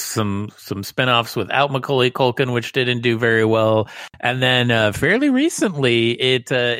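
A man co-hosting a podcast, talking about films in animated bursts with many restarts. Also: medium pitch, no echo, clean studio sound. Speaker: podcast co-host. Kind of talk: casual movie chat.

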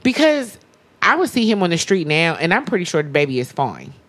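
A woman in her thirties co-hosting a podcast in an easy, casual chat. She talks in an animated, emphatic way, with a very low voice. She swears freely. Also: fairly quick. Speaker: podcast co-host.

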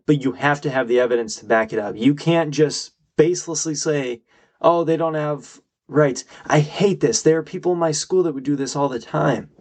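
A man's voice: on the high side, fairly quick, few pauses, darkish tone. A young man hosting his own podcast, giving emphatic, argumentative solo commentary and getting worked up. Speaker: podcast host.

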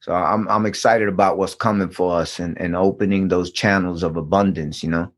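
Animated storytelling man, low voice. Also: a little fast. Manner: animated, profane, acts out voices in anecdotes. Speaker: guest. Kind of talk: casual storytelling.

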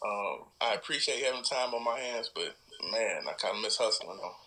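A man's voice: on the low side, moderate pace, sharp tone, a little hiss or hum, low-quality recording. A man as a guest on a casual podcast, laid-back and joking, dodging personal questions.

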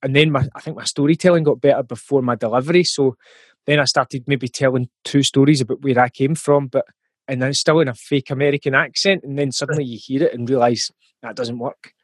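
A Scottish man talks as a guest in a relaxed interview, picking his words with many ums and small restarts. His voice sits at a middle pitch. The sound is dry, with no room around it. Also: brisk, no echo. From Scotland. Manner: thoughtful, with frequent ums and restarts. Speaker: musician guest. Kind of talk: casual interview talk.

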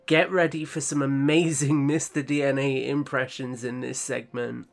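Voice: mid-range voice, level tone, moderate pace, creaky. A podcast host reading a short, upbeat scripted introduction to a segment.

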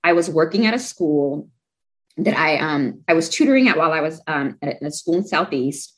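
A woman's voice: sits low, expressive, brisk, rough recording. A young adult woman, a guest in an interview, telling a personal story candidly and with feeling. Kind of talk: interview conversation.

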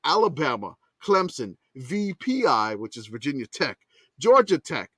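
A man hosting a casual podcast chat, excitable, swearing and laughing as he talks. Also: fairly high pitch, measured pace, husky, no echo. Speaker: podcast host.

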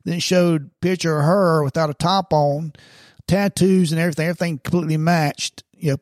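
A man's voice: a little high, fairly even intonation, fairly quick, darkish tone, dry recording, clean studio sound. An older man, a former police officer who rambles through stories with stammering restarts and blunt remarks. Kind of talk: casual chat.

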